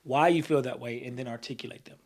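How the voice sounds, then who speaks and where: A man co-hosting a casual podcast, animated, swearing freely and acting out heated examples. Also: medium pitch, fast talker. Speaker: podcast co-host. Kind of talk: casual conversational podcast talk.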